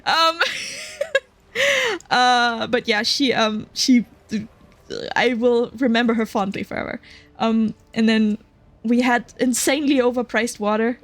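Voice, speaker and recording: A woman's voice: a little high, slow pace, pauses often, fairly bright tone. A woman streamer chatting casually while she plays a game, giggling a lot between lots of fillers. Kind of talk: casual chat while gaming.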